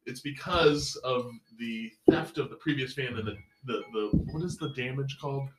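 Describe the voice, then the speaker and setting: A man's voice: mid-range voice, normal speed, a bit bright, reverberant, soft background music, rough recording. A man co-hosting a casual talk show, playful and jokey, sometimes stumbling for words. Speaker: podcast co-host. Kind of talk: casual chat.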